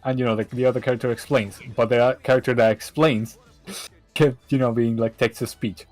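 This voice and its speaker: A man's voice: mid-range voice, fairly even intonation, a little fast, a little mellow, no room sound, faint music behind. A man streaming, chatting casually and telling rambling anecdotes with frequent laughs. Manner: rambling storyteller, laughs often, acts out quotes. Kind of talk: casual chat on a livestream.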